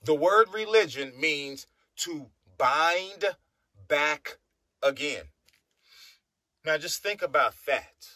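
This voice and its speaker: A man's voice: a little high, lively intonation, slow pace, sharp tone, no echo. A man from the United States preaching a monologue, emphatic, repeating his phrases and humming between thoughts.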